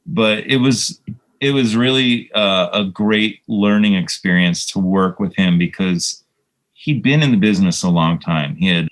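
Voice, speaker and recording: A man's voice: fairly low pitch, rough recording. A man, a composer guest, chatting in a casual interview and telling reflective, rambling stories with many fillers.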